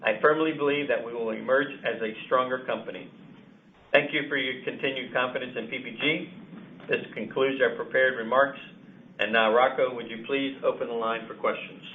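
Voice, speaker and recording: A man's voice: medium pitch, steady tone, a little hiss or hum. Man reading prepared remarks over a phone line. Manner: measured, formal reading of a script. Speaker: company chief executive. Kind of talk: prepared remarks on an earnings call.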